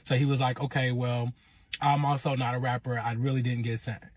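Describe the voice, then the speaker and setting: A man telling his own relationship story in casual, animated storytime style, acting out quotes. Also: mid-range voice, brisk, dry recording. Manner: animated, acts out quotes in raised voice.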